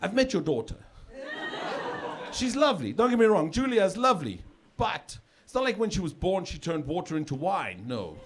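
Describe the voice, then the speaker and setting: A middle-aged man from South Africa doing a stand-up comedy set on stage, chatty and loose, with sudden shouted punchlines. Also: sits high, big pitch swings, moderate pace, a little hiss or hum. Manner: conversational, with filler repeats and sudden shouted punchlines. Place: comedy stage with a live audience. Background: audience laughter.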